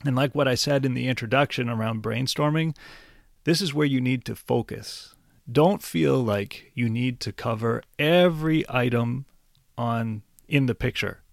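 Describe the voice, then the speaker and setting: Male test-prep tutor, encouraging and direct, with a gravelly edge in a dry room. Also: medium pitch, normal speed, no room sound. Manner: patient, encouraging, speaks straight to the viewer with questions. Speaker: language test teacher. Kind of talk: instructional explainer.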